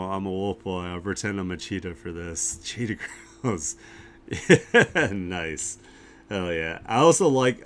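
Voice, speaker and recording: A man's voice: low-pitched, a little hiss or hum. A man hosting a live art share stream, chatting casually in a rambling way with lots of fillers and chuckles. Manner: laid-back and rambling, with many fillers and chuckles.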